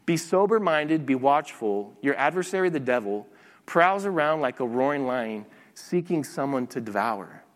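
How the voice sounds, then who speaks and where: Man, pastor, preaching a sermon, lively intonation, echoing hall. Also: medium pitch, normal speed. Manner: animated preaching with some restarts.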